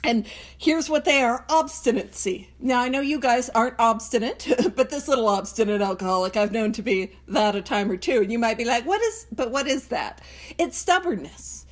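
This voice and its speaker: A woman with a high, light voice talks through a recovery text in a casual, earnest way. She laughs often and slips into inner voices to make a point. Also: normal speed. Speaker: podcast host leading a Big Book study. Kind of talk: casual recovery study talk, reading and explaining.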